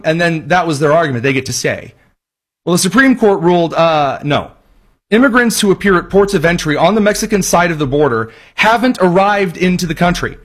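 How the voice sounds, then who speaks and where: A man's voice: sits high, expressive, fairly quick, fairly bright tone. A man hosting a radio and livestream talk show, delivering a sarcastic, mocking commentary monologue with emphatic repetition.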